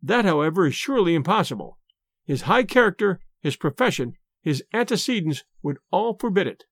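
A man's voice: high voice, very animated, a little fast, a bit bright, no echo, clean studio sound, heavily acted. A man reading aloud and voicing an agitated older landlady who speaks in a formal, pleading way. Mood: anxious.

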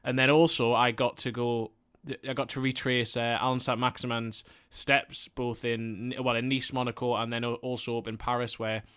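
Measured man giving football analysis. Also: medium pitch, flat delivery, a bit bright, smooth. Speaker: podcast co-host, football writer. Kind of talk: casual chat.

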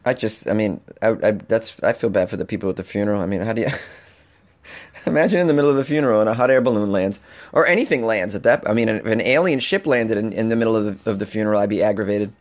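A man hosting a comedic podcast, slightly hoarse, rambling and animated with frequent restarts. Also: fairly low pitch, fast. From Boston, Massachusetts. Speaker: podcast host. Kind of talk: casual comedic podcast monologue.

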